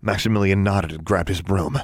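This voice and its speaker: A man's voice: low-pitched, fairly quick, husky, no echo, studio quality. A man reading a fantasy novel aloud as an audiobook narrator, telling it steadily and evenly. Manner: steady, even storytelling with brief voiced dialogue. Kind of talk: scripted narration.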